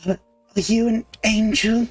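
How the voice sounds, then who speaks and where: A man voicing a dazed, dreamy young male elf who sounds starry-eyed and soft. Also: high voice, steady tone, unhurried, husky, dry recording, distant mic, faint music behind, voice pushed up.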